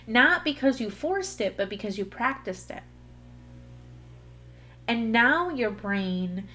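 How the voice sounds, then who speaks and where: A woman's voice: medium pitch, a bit bright, a little hiss or hum. A woman hosting a solo podcast, talking earnestly in a coaching way straight to her listeners. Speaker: podcast host. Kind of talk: solo motivational podcast talk.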